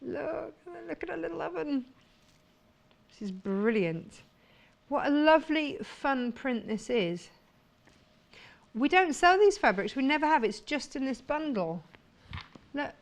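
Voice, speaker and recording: A shopping channel presenter gushes enthusiastically over products during a live TV sales presentation in a studio. Her voice is high and sing-song, and she speaks unhurriedly with long pauses.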